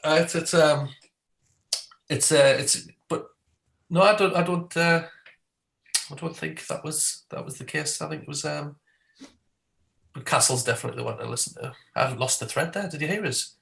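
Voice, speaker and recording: A man's voice: fairly high pitch, normal speed, vocal fry, long pauses, a bit bright. A man with a Geordie accent, a guest comedian chatting casually, rambling and laughing between phrases. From Newcastle, England. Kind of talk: casual chat.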